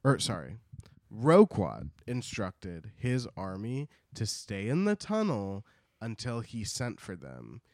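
Man, casual podcast co-host, animated storyteller, very expressive pitch, dry close sound. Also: slow, no echo. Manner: animated storytelling, jumps into character voices. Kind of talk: casual book recap chat.

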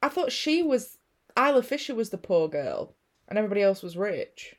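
A young woman co-hosting a casual film-review chat, telling the plot in a sweary, animated way and acting out the characters' lines. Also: medium pitch, normal speed. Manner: sweary, animated storytelling with acted-out quotes. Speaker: podcast co-host.

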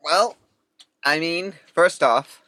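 A man co-hosting a casual theological discussion podcast, speaking in a measured, deliberate way. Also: on the high side, sharp tone, no echo. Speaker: podcast co-host.

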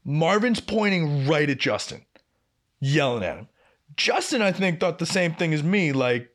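Young male podcast co-host, casual storyteller, lively pitch sitting a bit high, profane. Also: measured pace. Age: young adult. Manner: animated, swearing, acting out quoted lines with big pitch jumps.

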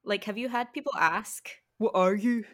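A woman hosts a casual chat with a guest. She asks relaxed, friendly questions and laughs lightly now and then. Her voice sits at a middle pitch. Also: normal speed. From Scotland. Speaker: host.

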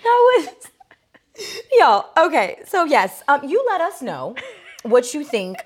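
A woman co-hosting a podcast, chatting casually with a fairly high voice. She rambles and circles her points, filling her talk with "like" and swearing offhandedly. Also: big pitch swings, unhurried. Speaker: podcast co-host. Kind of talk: casual chat.

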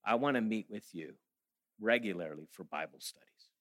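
Bright-voiced man preaching a sermon. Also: on the low side, lively intonation, normal speed. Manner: storytelling, rising to emphatic preaching. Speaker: guest speaker.

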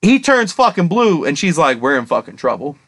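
A young man co-hosting a casual podcast, rambling excitedly and swearing constantly as he retells a story. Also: a little high, moderate pace. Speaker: podcast co-host. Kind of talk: casual chat.

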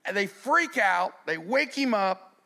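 A middle-aged male pastor delivers a sermon in a bright, fairly high voice. He preaches with animation, rising to loud emphasis and then dropping to hushed, quiet passages. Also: very animated, slow pace, vocal fry.

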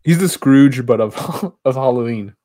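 A man's voice: medium pitch, mellow. A man co-hosting a podcast, casually retelling a movie plot in a rambling way. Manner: rambling retelling with quick acted quotes. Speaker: podcast co-host. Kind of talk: casual movie recap chat.

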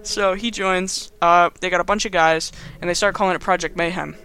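A man's voice: high voice, fairly even intonation, a little slow, few pauses, pushed and bright, slight background noise. A young man giving a casual, rambling movie recap in slangy speech full of fillers. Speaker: video host.

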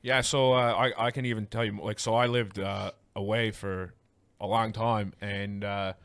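A man from Newfoundland, Canada, with a Newfoundland accent, hosting a podcast and telling stories in a quick, filler-heavy way. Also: fairly low pitch, steady tone, fairly bright tone, no room sound. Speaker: podcast host. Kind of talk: casual podcast chat.

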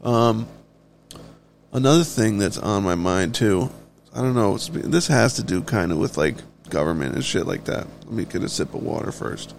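Gravelly, foul-mouthed man ranting. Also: fairly low pitch, lively intonation, normal speed, slight background noise. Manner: blunt, heavily profane, offhand. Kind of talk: casual ranting monologue.

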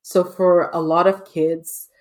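A woman hosting a podcast, talking in a chatty, expressive way with frequent fillers. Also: fairly low pitch, takes it slowly. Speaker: podcast host. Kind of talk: casual conversation.

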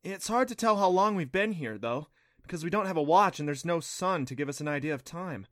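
A man doing a high, excitable young girl. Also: brisk, dry recording, clean studio sound. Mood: uneasy. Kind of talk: audiobook character voice.

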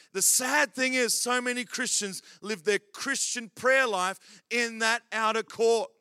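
Bright-voiced male pastor preaching. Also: very high-pitched, unhurried, few pauses, smooth, dry recording, studio quality. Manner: storytelling, humorous asides, builds to loud exhortation. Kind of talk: sermon.

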